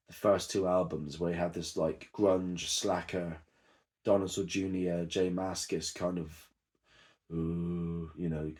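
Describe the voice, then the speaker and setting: A man talks in a very deep, low-pitched voice. He reviews casually and unscripted, rambling with frequent ums and self-corrections. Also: dark tone. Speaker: music reviewer.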